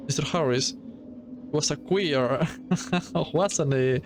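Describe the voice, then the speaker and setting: A man's voice: on the high side, takes it slowly. A man reading aloud the lines of a sly, prying male investigator in a game, with a folksy, insinuating manner, over a noisy recording.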